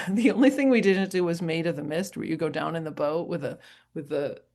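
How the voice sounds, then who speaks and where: A middle-aged woman from New Hampshire, giving a casual motivational talk as a coach, chatty and rambling and quick to laugh. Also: low voice, darkish tone. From New Hampshire, USA.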